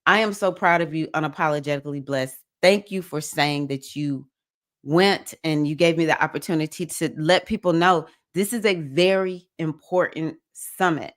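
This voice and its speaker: A woman's voice: sits low, moderate pace. A woman hosting a casual livestream chat, enthusiastically cheering on viewers and reading their comments aloud. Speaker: livestream host.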